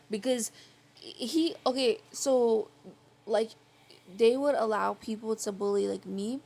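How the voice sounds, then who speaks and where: A young woman vlogger telling personal stories in a quiet, rambling, casual way, filling her talk with "like". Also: on the high side, slow pace, vocal fry. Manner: rambling, filler-heavy with frequent "like"; quiet, soft-spoken. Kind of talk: casual storytelling chat.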